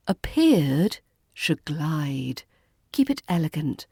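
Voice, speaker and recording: A woman's voice: medium pitch, lively intonation, slow pace, dark tone, husky, no room sound, studio quality. A woman with a British RP accent, teaching pronunciation as an accent coach in a playful, dryly witty scripted voice-over, whispering some of her sound demonstrations.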